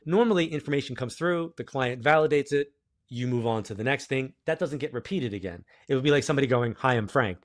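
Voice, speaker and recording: A man's voice: mid-range voice, fast, no room sound. Middle-aged guy on a podcast telling a story, acts out the dialogue, dead dry sound. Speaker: guest psychic medium. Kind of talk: casual storytelling interview.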